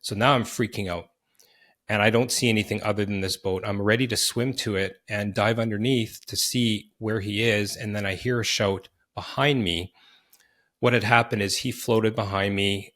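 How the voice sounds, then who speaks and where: A middle-aged man hosting a podcast, earnestly telling a personal story in vivid detail with quick restarts. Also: fairly low pitch, a bit bright. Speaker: podcast host.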